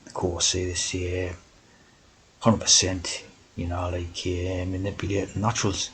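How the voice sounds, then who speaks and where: A man's voice: low voice, a bit bright, husky, low-quality recording. A man talking in a rambling monologue, constantly tagging his sentences with "right?" and "you know".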